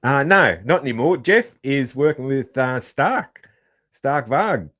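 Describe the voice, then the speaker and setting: A man's voice: medium pitch, lively intonation, slow pace, fairly bright tone. An Australian man hosting a casual podcast interview, rambling with many fillers and restarts and laughing easily. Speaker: podcast host.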